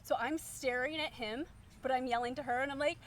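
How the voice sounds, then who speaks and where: A woman's voice: sits high, fairly even intonation, a little fast. A woman in her thirties, a stay-at-home mom, telling a story to camera in a chatty, upbeat way full of fillers. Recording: distant mic, faint background hum.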